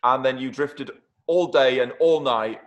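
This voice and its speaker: A man's voice: medium pitch, unhurried. A man hosting a podcast, reading listener questions in a casual, joking way with some swearing. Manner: reads listener questions, swears, laughs often. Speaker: podcast host.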